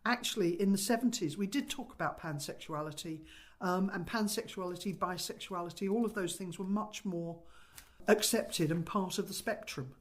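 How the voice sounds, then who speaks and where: A woman talking casually and in an animated way, as an activist guest. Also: lowish voice, normal speed. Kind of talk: casual chat.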